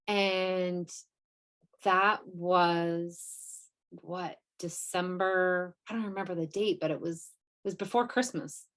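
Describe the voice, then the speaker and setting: A woman's voice: lowish voice, fairly even intonation, takes it slowly, fairly bright tone. A woman co-hosting a podcast, telling a story in a casual, rambling way with lots of fillers and quoted asides. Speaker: podcast co-host. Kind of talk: casual chat.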